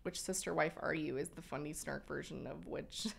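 Gravelly, playful woman co-host. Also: low-pitched, steady tone, moderate pace. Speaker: podcast co-host. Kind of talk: casual chat on a live stream.

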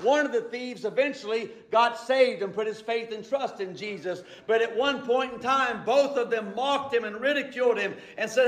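A man preaching a sermon as pastor, swinging between loud and hushed and calling out for amens. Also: very high-pitched, lively intonation, moderate pace, few pauses, reverberant, low-quality recording. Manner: calls out for "Amen?" from the congregation.

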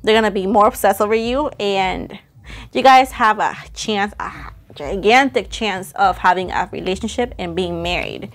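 A woman doing a casual tarot reading to camera, chatty, playful and teasing, getting excited as she goes. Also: medium pitch, moderate pace. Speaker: tarot reader.

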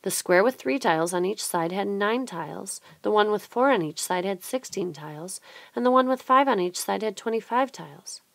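A woman reading a children's storybook aloud in a clear, measured way. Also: medium pitch, animated, no room sound. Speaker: storybook reader.

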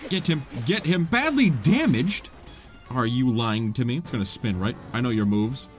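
A man hosting let's play commentary, excitable and self-mocking, laughing often at his own mistakes. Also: medium pitch, brisk, faint music behind. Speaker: gaming channel host.

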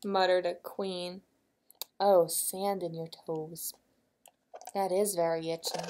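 Slow, gentle librarian reading to kids. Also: female voice, on the low side, level tone. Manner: gentle, asks the children questions. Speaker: children's librarian. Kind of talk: reading a picture book aloud to young children.

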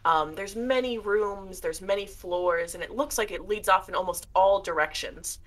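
A woman's voice: mid-range voice, moderate pace. A young woman narrating a tabletop game as game master, descriptive with many fillers.

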